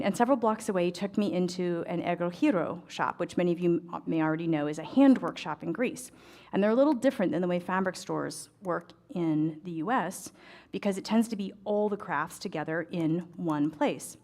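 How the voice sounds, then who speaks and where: A middle-aged woman from the United States, an ecclesiastical tailor, telling a lively story to an audience and acting out the voices in her dialogue. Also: mid-range voice. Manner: animated, acts out dialogue, chatty fillers. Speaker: ecclesiastical tailor and embroidery speaker.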